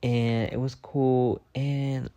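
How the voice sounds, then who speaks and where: A man's voice: mid-range voice, little pitch movement, extremely slow, mellow, dry recording. A young man telling gossip stories in a casual, profane, dramatic monologue, full of "I'm like" retellings. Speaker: storyteller. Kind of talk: casual story-time monologue.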